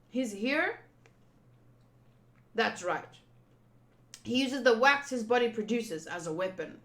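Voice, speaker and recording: Her voice sits on the high side, slightly bright and expressive, and she goes slowly with frequent pauses. This twenty-something woman is reading manga casually, chatting, musing out loud, and reacting along the way.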